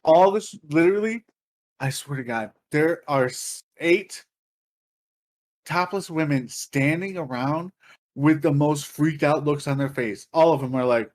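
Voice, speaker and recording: A man co-hosting a podcast, telling a story in casual chat, animated and profane, laughing and acting out other people's voices. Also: a little high, measured pace. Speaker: podcast co-host.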